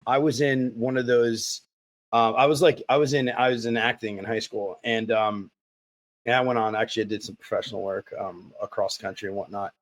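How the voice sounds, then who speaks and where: A man hosting a podcast interview, telling stories in a rambling, animated way. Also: fairly low pitch, brisk. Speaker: podcast host. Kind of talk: casual interview chat.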